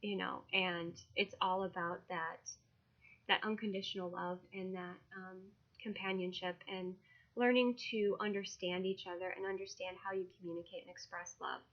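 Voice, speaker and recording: A woman who reads tarot and is launching her own card deck, talking casually, emotionally and haltingly, with many fillers. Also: on the low side, little pitch movement, muffled recording. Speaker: tarot reader and deck creator. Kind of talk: casual video walkthrough.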